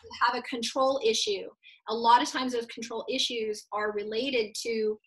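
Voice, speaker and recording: A woman's voice: fairly high pitch, level tone, moderate pace, fairly bright tone, poor audio. A woman guest on a podcast interview, a coach for real estate agents, explaining her ideas in a confident teaching tone.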